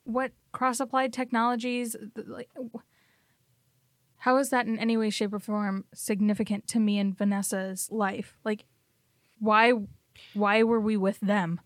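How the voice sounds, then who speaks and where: A woman's voice: mid-range voice, level tone, unhurried, no room sound, studio quality, lightly acted. A woman voicing a distrustful young woman who confronts a stranger, blunt and prone to stammering and swearing. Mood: demanding.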